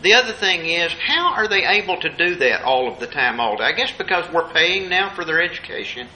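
A man's voice: fairly high pitch, very animated, brisk, pushed and bright, a little hiss or hum, low-quality recording. A man preaching a Bible study sermon, emphatic and repeating his key phrases for weight.

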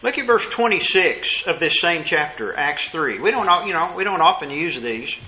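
Emphatic preacher man, bright voice. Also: fairly high pitch, expressive, low-quality recording. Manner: emphatic, rhetorical questions, slows to stress key words. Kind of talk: sermon.

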